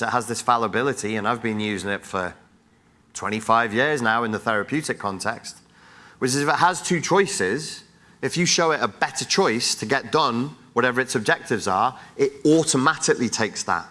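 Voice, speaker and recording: Fiery, bright-voiced man exhorting. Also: mid-range voice, a little fast. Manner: blunt, profane, exhorting. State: wired and jet-lagged. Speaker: psychologist giving a conference talk. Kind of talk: fiery motivational stage talk. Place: conference stage.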